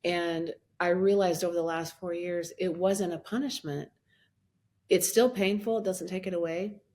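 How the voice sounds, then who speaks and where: A woman in her fifties telling her story as a podcast guest, animated, acting out her own past words with a lifted voice and laughing often as she talks. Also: on the low side, moderate pace. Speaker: guest, minister and life coach. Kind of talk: personal storytelling in a podcast interview.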